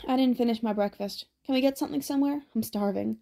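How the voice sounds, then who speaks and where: Anxious confused teen boy read by a woman, hesitant, stammering, gravelly voice. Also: a little high, quick pace, warm tone. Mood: uneasy. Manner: hesitant, stammering when pressed.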